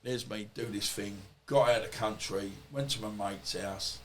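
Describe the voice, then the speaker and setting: A man's voice: fairly low pitch, moderate pace, a bit bright, slight background noise. Rambling man telling stories. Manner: rambling, swearing, colloquial storytelling. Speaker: podcast guest. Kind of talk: casual storytelling interview.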